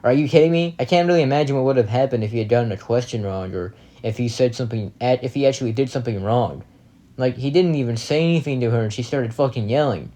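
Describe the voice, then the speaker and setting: A man's voice: mid-range voice, fast talker, warm tone. A young man giving casual reaction commentary, blunt and indignant, swearing heavily as he rants.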